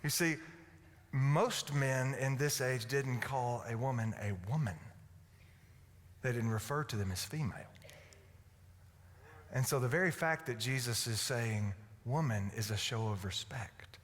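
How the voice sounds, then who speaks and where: A man from Alabama, preaching a folksy, humorous sermon that swings from loud to hushed. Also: medium pitch, a little slow, long pauses. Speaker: pastor. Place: church sanctuary. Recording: echoey church hall.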